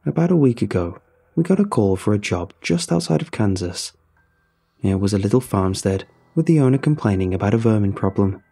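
A man's voice: lowish voice, expressive, brisk, slightly rough. A man narrating a first-person story in a dramatic, wry manner. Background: soft music.

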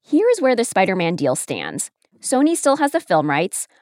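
A woman giving scripted podcast narration in a polished, expressive storytelling manner. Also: mid-range voice, normal speed, no echo, clean studio sound.

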